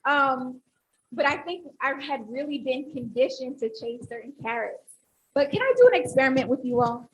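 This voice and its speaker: A woman academic on a panel speaks with animation, engaging the audience and instructively leading them through an exercise. Her voice is high-pitched and moderately paced. The rough recording carries a little hiss or hum.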